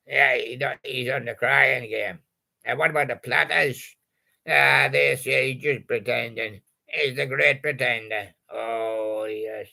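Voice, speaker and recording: Gravelly, bright-toned, slow-talking male host. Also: medium pitch, fairly even intonation. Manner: punning, jokey, chuckles at his own gags. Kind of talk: playful patter about old song titles.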